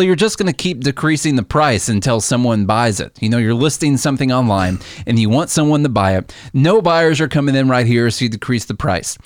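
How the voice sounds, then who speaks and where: A man's voice: medium pitch, dry recording, clean studio sound. A man co-hosting a casual podcast chat, patiently explaining how the stock market works with everyday comparisons.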